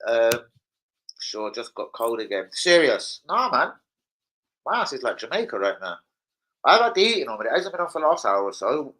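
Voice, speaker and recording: A man's voice: mid-range voice, big pitch swings, normal speed, sharp tone, poor audio. A young man chatting casually on a live stream at home, swearing freely and bantering with viewers. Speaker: livestreamer.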